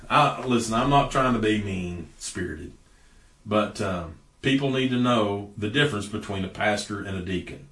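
A middle-aged man preaching a sermon as pastor, folksy and emphatic, with sudden bursts of loud speech. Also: mid-range voice, normal speed. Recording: echoey room, voice heard from a distance.

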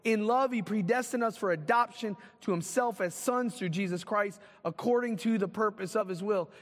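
A man preaching a sermon as pastor, swinging from loud, urgent calls to hushed, slow lines. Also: high-pitched, in a large hall.

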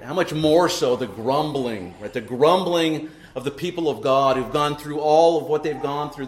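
A middle-aged man preaching a sermon to his congregation, emphatic and full of rhetorical questions tagged with "right?". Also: fairly high pitch. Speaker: pastor. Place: church sanctuary. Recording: echoey church room.

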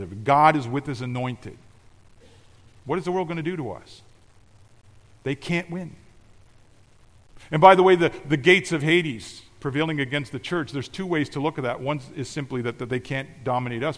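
A male pastor preaching a sermon, emphatic, moving between loud declarations and quiet, intimate asides. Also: on the high side, in a large hall.

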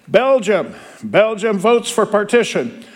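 A man putting on a loud formal roll-call official. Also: high-pitched, very animated, slow pace, voice pushed up, full character voice. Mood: formal announcing.

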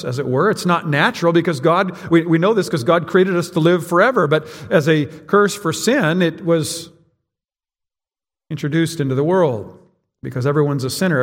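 A man's voice: a little high, in a large hall. A man preaching a sermon to his congregation in a church, speaking plainly and directly to his listeners. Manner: conversational, direct address to congregation. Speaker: pastor. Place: church sanctuary.

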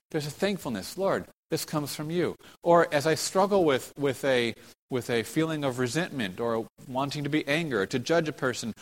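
A man's voice: on the high side, fairly bright tone, big-room sound. A man preaching a sermon earnestly, often restarting and repeating phrases as he builds emphasis. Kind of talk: sermon teaching.

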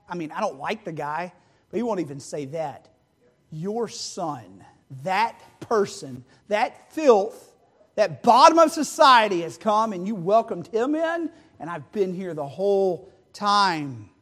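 A man preaching a sermon, acting out the characters of a parable in dramatic voices. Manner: acts out the parable characters with big shifts in pitch and loudness.

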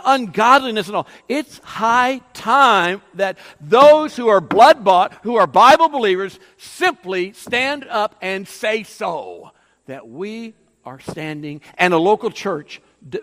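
A man's voice: sits high, a bit bright. A man preaching a sermon as pastor, emphatic and rising and falling, with frequent fillers. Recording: long hall reverb.

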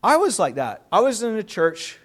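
A man's voice: high-pitched, wildly swooping pitch, moderate pace. A man preaching a sermon in an earnest, emphatic way, drawing out key words and repeating himself as he restarts.

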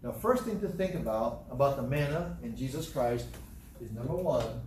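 A man's voice: mid-range voice, animated, moderate pace, darkish tone, a little hiss or hum. A man preaching a Bible teaching sermon, emphatic, repeating phrases and asking and answering his own questions. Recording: echoey room, voice from a distance.

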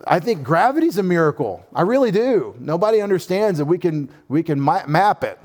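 A man preaching a sermon as pastor, with animated delivery, humorous asides and lively quoted voices. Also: high voice, fairly quick.

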